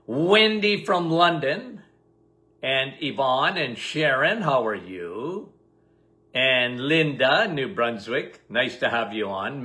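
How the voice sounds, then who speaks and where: Chatty older male host, bright voice. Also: fairly high pitch. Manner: chatty, reads viewer names quickly, laughs at himself. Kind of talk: casual live-stream greetings and Q&A.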